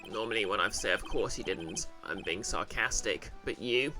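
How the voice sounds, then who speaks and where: A man voicing an exasperated young defense lawyer in a game read-aloud, deadpan and sarcastic. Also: lowish voice, normal speed, music in the background, pitched below the performer's own voice, natural voice.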